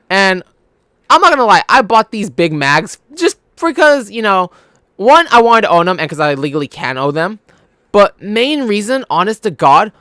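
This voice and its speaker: A man's voice: a little high, fairly bright tone, no room sound, studio quality. A young man from California, a gaming YouTuber, telling a rambling, profane story in casual chat. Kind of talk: casual storytelling over gameplay.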